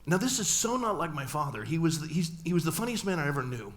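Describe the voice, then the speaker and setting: A man's voice: on the high side, sing-song, fast talker, slight background noise. A middle-aged man, a pastor, telling a personal story in a sermon and acting out family dialogue with humor. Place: church sanctuary.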